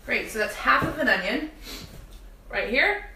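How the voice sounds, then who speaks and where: A woman's voice: sits high, animated, a little slow, sharp tone, echoey room, recorded from a distance, a little hiss or hum, poor audio. A young woman hosting a live cooking demonstration in her home kitchen, chatting directly to viewers with self-deprecating humor while her eyes water from onions. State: teary-eyed from onions. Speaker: cooking show host. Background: kitchen clatter of pots and dishes.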